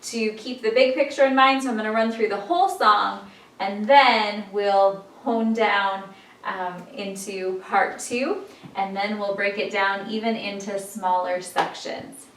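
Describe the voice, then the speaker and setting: Slow, patient woman teacher in an echoey room. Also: medium pitch. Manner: patient, encouraging, chants names in a steady rhythm. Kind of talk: classroom-style lesson. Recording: echoey room, distant mic, loud background noise.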